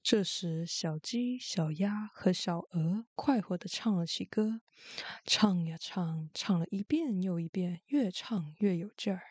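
A woman hosting a show and reading a bedtime story aloud in a gentle, expressive way. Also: on the low side, unhurried, husky, no echo. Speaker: host and storyteller.

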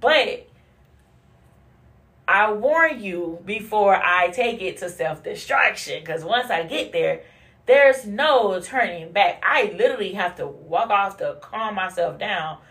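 A woman hosting a casual monologue podcast, blunt and profane, who laughs often and swings from low mutters to high bursts. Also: animated, slow pace, fairly bright tone. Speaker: podcast host.

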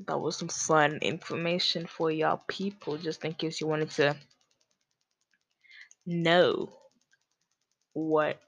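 A woman's voice: low voice, poor audio. A woman hosting her own podcast, rambling casually in slangy, self-mocking talk. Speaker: podcast host.

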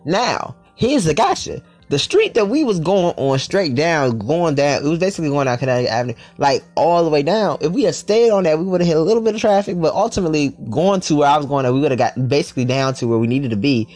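A man's voice: a little high, animated, fast, hardly any pauses, darkish tone, soft background music. A young man telling a story in a casual vlog, sassy and profane, with lots of energy.

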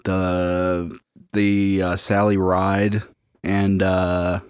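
A man co-hosting a podcast in casual chat, rambling and halting with lots of fillers. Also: sits low, level tone, clear, resonant tone, dry recording, clean studio sound. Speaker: podcast co-host.

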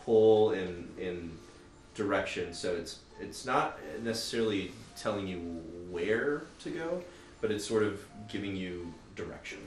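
A man's voice: fairly low pitch, expressive, measured pace. A man narrating as game master, rambling with lots of fillers. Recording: echoey room with music.

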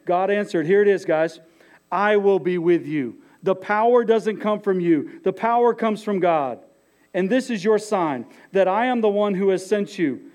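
A man's voice: sits high, normal speed, darkish tone. A middle-aged man preaching a sermon as pastor, emphatic and talking straight to his listeners. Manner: emphatic, addresses listeners as "guys".

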